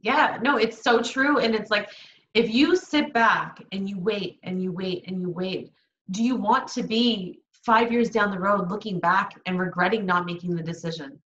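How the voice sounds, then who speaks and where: A young woman co-hosts a motivational chat, pressing her point with earnest passion. Her voice sits at a middling pitch. The sound is roomy and a little muffled. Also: moderate pace, a bit bright. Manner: earnest, impassioned, urging listeners. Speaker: podcast co-host. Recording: echoey room, dull audio.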